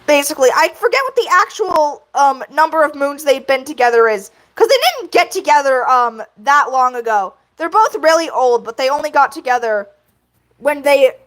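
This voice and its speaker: A young woman chats while she draws, rambling along with plenty of fillers and giggles. Her voice sits high and swoops animatedly up and down. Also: expressive, normal speed, fairly bright tone. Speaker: video creator. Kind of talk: casual chat while drawing.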